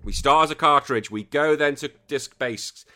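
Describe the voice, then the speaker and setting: A man from northern England, near Liverpool, hosting a podcast and answering listener questions in sweary, joking, animated rants. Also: a little high, moderate pace. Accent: Northern English, near Liverpool. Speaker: podcast host. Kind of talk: casual chat reading listener questions.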